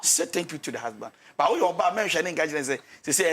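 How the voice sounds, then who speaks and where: Ghanaian pastor guy, kinda high voice, animated, mixes english and twi. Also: fast, slightly rough. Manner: lively, mixes English and Twi, acts out couples' quarrels. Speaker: pastor giving marriage advice. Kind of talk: animated talk-show counsel.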